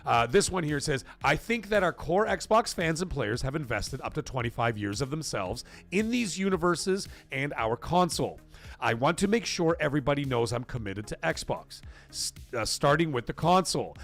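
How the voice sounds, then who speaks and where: A man hosting a live stream, talking in a casual, emphatic and repetitive way, his voice getting hoarse. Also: a little high, animated, moderate pace, fairly bright tone. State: voice going hoarse. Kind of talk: casual live-stream chat reading donations.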